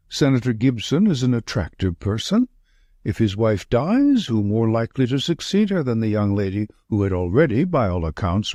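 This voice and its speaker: Male reader as confident detective, brisk and probing, husky tone. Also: medium pitch, no echo. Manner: brisk, probing, lively questioning. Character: sharp, confident male detective, middle-aged.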